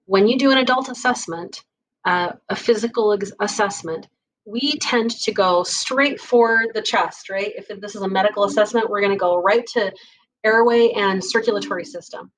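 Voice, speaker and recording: Woman instructor, mid-pitched, casual and chatty teaching tone, keeps checking in with "right?". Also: moderate pace, slight background noise, rough recording. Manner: chatty, warm with kids, frequent "right?" and "okay?" asides. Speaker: EMS instructor. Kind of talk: casual recorded lecture.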